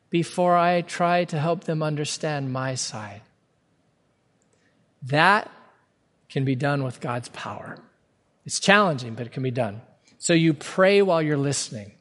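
A man preaching a sermon as pastor, earnest and emphatic, stretching key words slowly for weight. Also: sits high. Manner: earnest, emphatic preaching with sudden slow-downs. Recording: long hall reverb.

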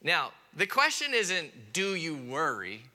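A man preaching a sermon in an animated way, acting out his listeners' objections in a raised voice and dropping quiet on key points. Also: a little high, slow. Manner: drops to a quiet, soft delivery on key points. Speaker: pastor.

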